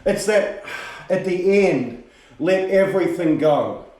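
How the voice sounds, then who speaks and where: A man teaching a karate class, explaining technique and calling out sharp commands as he demonstrates. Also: high-pitched, lively intonation, slow pace. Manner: demonstrative, shouts sharp counting calls. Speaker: karate instructor. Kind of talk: teaching a martial arts class. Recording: roomy training hall, voice from far off.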